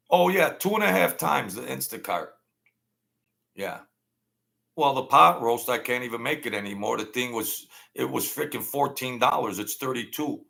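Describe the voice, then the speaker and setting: A man's voice: medium pitch, vocal fry, fairly bright tone. A man hosting a casual livestream rant, blunt and slangy, rambling and stuttering as he goes. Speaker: livestream host.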